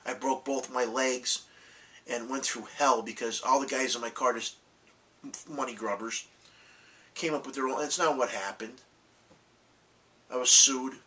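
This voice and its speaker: A man rambles through a casual collectibles vlog, blunt and full of restarts and mild curses. His voice is bright and forward. He sits a little away from the microphone. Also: medium pitch, unhurried, pauses often, recorded from a distance, rough recording. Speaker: collectibles channel host.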